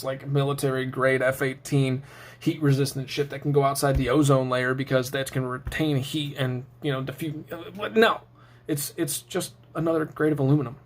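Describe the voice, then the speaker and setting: A young man hosting a knife review show, talking casually with sarcastic jokes and rambling asides. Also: medium pitch.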